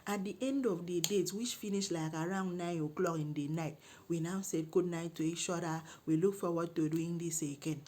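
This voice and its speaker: A middle-aged woman with a Nigerian English accent, telling a comic story in an animated, exclaiming way and scolding when indignant. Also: on the low side, normal speed, hardly any pauses, a little hiss or hum. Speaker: comedic storyteller.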